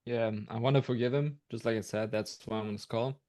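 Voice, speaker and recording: A man playing a halting, sulky sales prospect. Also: medium pitch, steady tone, darkish tone, lightly acted.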